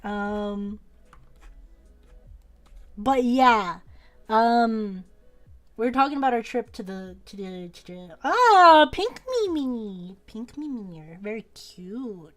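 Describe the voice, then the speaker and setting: A woman's voice: medium pitch, takes it slowly, long pauses, soft background music. A young woman streaming from home, chatting casually and rambling as she draws, often laughing and repeating words. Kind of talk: casual chat while drawing on stream.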